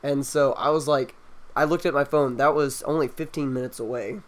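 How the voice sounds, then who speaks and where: A young man recounting a story in casual chat with friends, relaxed and quoting what others said. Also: medium pitch, moderate pace. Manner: relaxed storytelling with quoted dialogue. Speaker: co-host.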